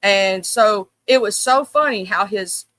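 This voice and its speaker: A woman tells a story on a live stream in an emphatic, casual way, swearing freely. Her voice is bright and forceful. The sound is dry and close. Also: medium pitch, unhurried, no room sound, rough recording.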